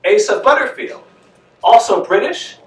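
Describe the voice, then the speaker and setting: A man's voice: sits high, expressive, unhurried, fairly bright tone, recorded from a distance. A man giving a casual spoken film review, talking conversationally, asking rhetorical questions and repeating his points for emphasis. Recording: echoey room, voice off-mic, faint music.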